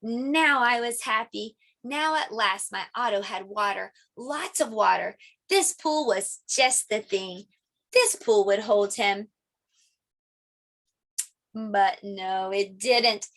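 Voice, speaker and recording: A middle-aged woman preschool teacher reading a picture book aloud to young children, animated and playing sound effects. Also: medium pitch, slow.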